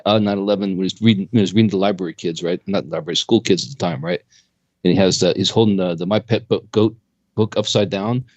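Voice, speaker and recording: A man's voice: fast, no room sound. Man on a lo-fi talk radio line. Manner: animated, jumps pitch when making a point. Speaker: co-host. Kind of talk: casual conspiracy talk radio chat.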